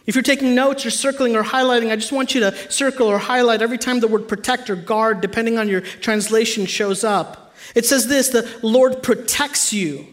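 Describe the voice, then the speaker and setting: A pastor delivering an animated, conversational sermon to his congregation. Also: very high voice, moderate pace.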